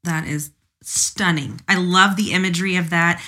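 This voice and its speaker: A woman's voice: lowish voice, fairly even intonation, moderate pace, bright, forceful tone. A woman with a Southern American accent hosting a podcast, affirming her guest and reading the closing announcements. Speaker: podcast host. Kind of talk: interview and scripted outro.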